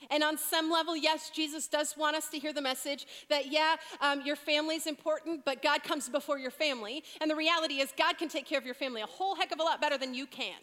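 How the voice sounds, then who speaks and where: Bright-voiced woman preaching in a hall. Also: sits high, fairly even intonation, fast, hardly any pauses. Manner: earnest, emphatic, drops to a hush on key points. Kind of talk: sermon.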